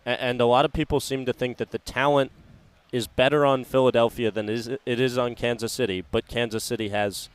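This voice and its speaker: A man interviewing a guest in a casual sports chat, starting his questions haltingly. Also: medium pitch, flat delivery, smooth. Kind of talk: casual radio row interview.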